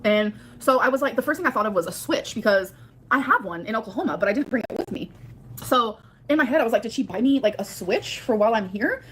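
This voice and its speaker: A woman's voice: on the high side, lively intonation, fast, fairly bright tone, a little hiss or hum. A young woman vlogging to her viewers, chatty and rambling, filling her speech with "like" while she does her makeup. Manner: chatty, rambling, heavy use of "like". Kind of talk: casual vlog talking to viewers.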